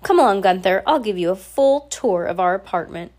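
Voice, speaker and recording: A woman's voice: medium pitch, lively intonation, a little fast, a little mellow, natural voice. A woman with a cold voicing a vain, wealthy guardian who talks in a haughty, bossy and impatient way. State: has a cold, scratchy throat.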